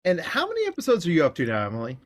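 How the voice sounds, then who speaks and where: Man, podcast host, slightly high voice, playful, jokey, rambling asides. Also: wildly swooping pitch, rapid-fire. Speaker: podcast host, clinical psychologist. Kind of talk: casual podcast interview.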